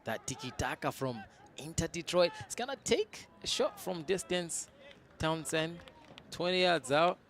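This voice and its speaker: A man giving casual, opinionated live play-by-play commentary on an amateur soccer match, breaking into excited shouts when a team attacks. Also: fairly high pitch, unhurried, a little hiss or hum. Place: outdoors at a soccer field.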